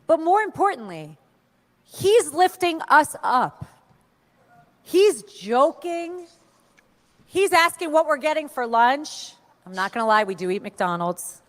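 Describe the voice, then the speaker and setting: A woman telling animated stories to a crowd and acting out the voices of the people she quotes. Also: high-pitched, takes it slowly. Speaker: speaker at an event. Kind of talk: storytelling speech to a crowd.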